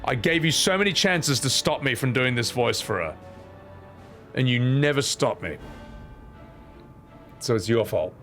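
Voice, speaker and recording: A man's voice: medium pitch, animated, measured pace, pauses often, a bit bright, soft background music. A young man streaming a game, joking and chatting with his viewers. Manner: joking, self-mocking, chats to his audience. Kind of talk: casual game commentary.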